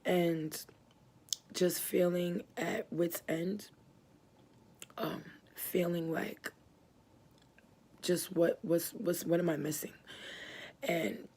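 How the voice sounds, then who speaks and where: Gravelly, husky woman giving testimony. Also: on the low side, dark tone. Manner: earnest, rambling, many fillers and restarts; moved and emotional as she tells it. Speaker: church member giving testimony. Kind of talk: personal religious testimony.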